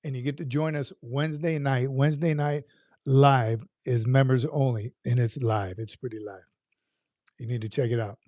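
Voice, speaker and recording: A man's voice: mid-range voice, steady tone, moderate pace, warm tone, dry recording, clean studio sound. A man hosting a casual livestream, greeting viewers by name in an upbeat, folksy, rambling way. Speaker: livestream host.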